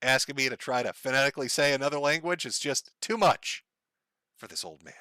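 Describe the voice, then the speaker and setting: A man chatting loosely on a livestream, rambling from one tangent to the next with plenty of swearing and frequent laughs. His voice is bright and on the higher side, with a very animated pitch. The sound is dry and close. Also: fairly quick, no room sound. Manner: rambling, profane, laughs often. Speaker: livestream host. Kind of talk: casual livestream chat.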